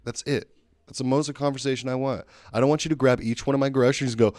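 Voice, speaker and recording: A man's voice: mid-range voice, fairly even intonation, fast, darkish tone, no echo. A young man co-hosting a casual podcast, blunt and argumentative, swearing as he makes his points. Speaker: podcast co-host.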